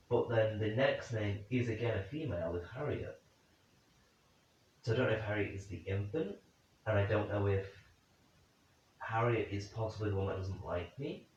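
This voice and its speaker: A man's voice: lowish voice, normal speed, long pauses, darkish tone, a little hiss or hum. A man investigating the paranormal at night in a room, speculating aloud and calling out questions to spirits. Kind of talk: thinking aloud during a night vigil. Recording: very echoey, distant, dull lo-fi sound.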